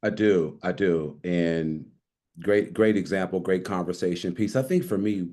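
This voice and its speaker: A man on a video call who shares what he learned in measured, reflective speech. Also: deep voice, dark tone. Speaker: agent in the coaching group.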